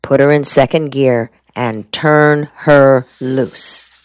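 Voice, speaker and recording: Man reading a shrewd, calm lawyer. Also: clear, resonant tone, no echo, studio quality, lightly acted. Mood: measured. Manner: measured, low-voiced.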